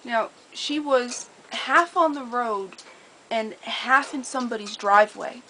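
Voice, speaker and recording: A woman telling a personal story in a casual, earnest way, detailed and steady, with small repeated restarts. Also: a little high, slow pace, slight background noise, rough recording. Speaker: storyteller sharing a personal memory.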